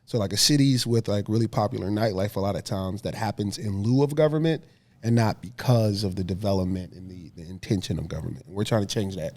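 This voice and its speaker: Lively low-voiced man telling a story. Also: a little fast. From Philadelphia, USA. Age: 30s. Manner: lively, laughing storyteller who acts out scenes. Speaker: podcast guest. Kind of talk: casual storytelling interview.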